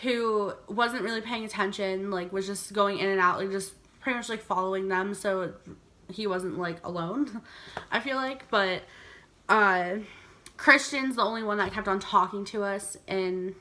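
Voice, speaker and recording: A woman's voice: mid-range voice, measured pace, pushed and bright. A young woman vlogger telling a storytime, chatty and giggly, saying "like" all the time. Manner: chatty, heavy use of "like", giggly. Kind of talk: storytime vlog.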